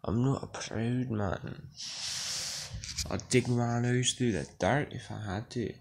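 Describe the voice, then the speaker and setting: A man's voice: medium pitch, takes it slowly, gravelly. A man putting on a boastful bar patron. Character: boastful, morally flexible Irish man at a bar.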